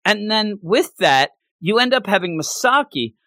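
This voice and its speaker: A man in casual chat, excitably ranting in disbelief and slipping into quick put-on character voices. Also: high-pitched, no room sound, clean studio sound. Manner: excitable, incredulous, often acts out characters in jumpy voices. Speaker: podcast co-host. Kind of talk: casual chat reacting to a manga chapter.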